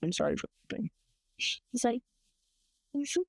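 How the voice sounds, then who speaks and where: A woman's voice: on the high side, sing-song, unhurried, breathy edge, dry recording. A young American woman co-hosting a casual chat, telling rambling, profane stories full of quoted voices. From United States. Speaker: podcast co-host.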